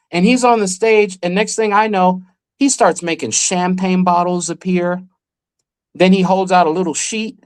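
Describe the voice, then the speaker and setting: A man, a magician, telling a lively story in a podcast interview and acting out the people he quotes. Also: a little high. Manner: animated storyteller who acts out the people he quotes. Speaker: magician guest.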